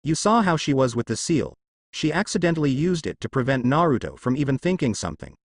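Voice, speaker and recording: A man's voice: mid-range voice, big pitch swings, quick pace, dry recording, clean studio sound. A man voicing a cold, irritable young male ninja with an annoyed tone in a fan-fiction audio story.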